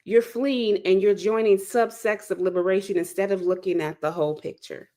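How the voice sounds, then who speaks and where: This woman, a host and speaker from Chicago's South Side, delivers a heartfelt monologue with a forceful, pulpit-style cadence and repeated key phrases. Her mid-range voice is dark in tone, fairly even in intonation and moderately paced.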